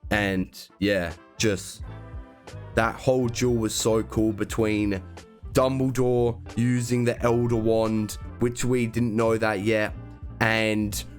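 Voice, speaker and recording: A young man hosting a casual film review, gushing as an emotional, excitable fan. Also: on the low side, takes it slowly, soft background music. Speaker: YouTube reaction host ranking films.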